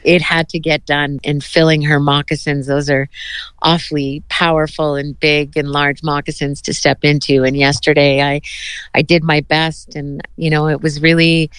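A woman, a politician speaking in a heartfelt, measured way in a remote news interview, often saying "you know". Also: sits low, flat delivery, a bit bright, smooth, no echo.

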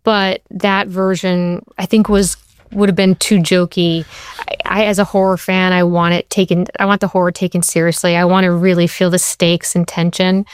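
This woman speaks in a lower register with a smooth, resonant voice. She is a TV writer being interviewed, telling her stories in an animated way and dropping "like" often. Her voice is recorded dry and close, with no room sound. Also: moderate pace, no echo. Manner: animated storyteller, says "like" a lot. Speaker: TV writer and show creator, guest. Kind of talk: conversational interview.

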